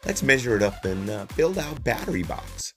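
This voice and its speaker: A man calmly explaining a DIY build, easygoing and a bit hesitant, stumbling over tricky words. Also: mid-range voice, moderate pace, faint music behind. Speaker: DIY maker. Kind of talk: casual how-to narration.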